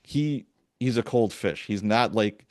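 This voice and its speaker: Low-voiced man telling a police story. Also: measured pace, dry recording, studio quality. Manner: animated storyteller, acts out quoted dialogue. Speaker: podcast host, retired police sergeant. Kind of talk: casual storytelling interview.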